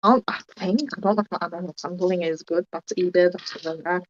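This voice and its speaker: A woman's voice: lowish voice, steady tone, a little fast, muffled recording, slight background noise. A woman playing a tabletop game, thinking aloud in a casual, rambling way. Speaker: player.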